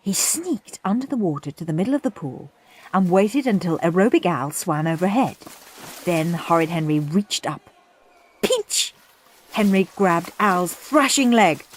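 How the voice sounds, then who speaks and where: A woman narrating a children's story aloud in an expressive storytelling manner. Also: lowish voice, normal speed. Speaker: audiobook narrator.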